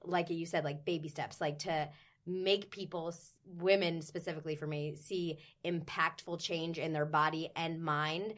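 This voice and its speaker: A woman's voice: low voice, steady tone, moderate pace, a bit bright. A young woman, a personal trainer and former stage performer, chatting enthusiastically on a podcast with frequent fillers. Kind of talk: casual podcast chat.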